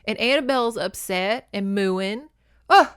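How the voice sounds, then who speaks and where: A woman's voice: medium pitch, lively intonation, unhurried, a bit bright, clear, resonant tone, no room sound, clean studio sound. A woman hosting a casual movie-recap podcast, chatty and emotional, swearing freely. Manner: chatty, swears, laughs and tears up. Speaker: podcast host.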